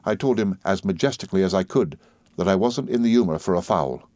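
A man narrating a classic novel in the first person, with a measured, expressive literary reading style. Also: deep voice, dry recording, clean studio sound. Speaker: audiobook narrator.

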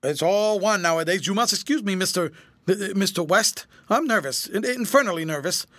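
Man putting on a frightened old general, shaky gasping voice, high-pitched and loud, bright tone, dry sound. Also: lively intonation, normal speed, no echo, exaggerated voice. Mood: relieved, nervous. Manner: quivering, gasping, choking voice. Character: agitated older male general, terrified and quavering.

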